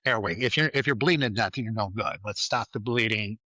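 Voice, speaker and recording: A former state trooper telling a gripping personal story in a casual interview, animated and acting out the people in it. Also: male voice, fairly low pitch, brisk, no echo, poor audio. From New York. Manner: vivid, animated retelling with acted-out quotes.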